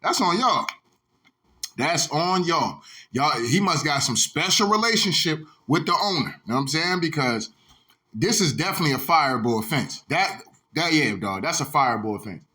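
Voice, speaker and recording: A high-pitched man rants about his sport like a fired-up host. His voice is bright and forceful, and he talks heated and profane, circling back to the same points over and over. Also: expressive, brisk. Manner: heated, repetitive, profane, keeps saying "dog". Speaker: sports vlogger. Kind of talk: ranting sports commentary.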